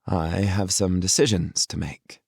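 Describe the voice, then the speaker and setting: A man's voice: low-pitched, steady tone, measured pace, vocal fry, breathy edge, dry recording, studio quality, pitched above the performer's own voice, full character voice. A man voicing a wry, composed young woman in an audiobook.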